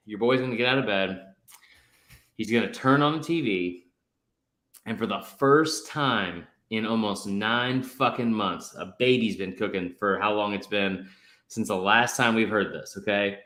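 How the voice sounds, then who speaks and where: Bright-voiced man, rambling and profane. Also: mid-range voice, reverberant. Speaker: podcast co-host. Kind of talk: casual podcast banter.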